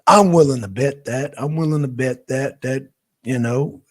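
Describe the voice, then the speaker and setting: A man's voice: medium pitch, moderate pace. A man from Georgia with a Southern accent, chatting casually to viewers as the host of a political livestream. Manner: chatty, addresses viewers directly, gives shout-outs.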